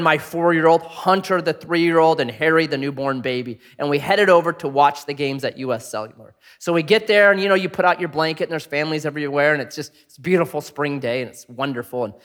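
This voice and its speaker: A man in his thirties preaching a sermon, telling a family story with animated, self-deprecating humor. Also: on the high side. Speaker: pastor.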